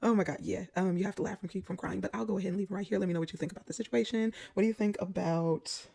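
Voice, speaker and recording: Woman vlogger talking straight to camera, gravelly low-key voice, blunt and unhurried. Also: steady tone, warm tone. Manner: blunt, unhurried, wry asides. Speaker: commentary vlogger. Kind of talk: casual commentary to camera.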